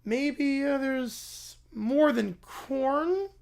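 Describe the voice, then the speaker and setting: A shrill, goofy young corn-pun joker. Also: male voice, extremely slow, vocal fry, exaggerated voice. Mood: goofy, shouting. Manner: shouts the same pun catchphrase again and again. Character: goofy young man obsessed with corn puns. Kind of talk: comedic read-aloud of a viewer prompt.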